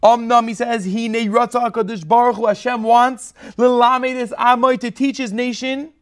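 A man giving an impassioned sermon as a rabbi, moving between soft and forceful delivery. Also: extremely high pitch, level tone, moderate pace.

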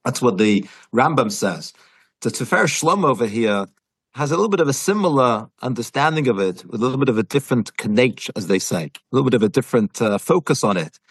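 Man with explaining torah, earnest, keeps rephrasing, husky, dry close sound. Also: medium pitch, animated, fast, dry recording. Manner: earnest, repeats and rephrases, mixes Hebrew terms. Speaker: Torah teacher. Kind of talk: explaining a Jewish text to a listener.

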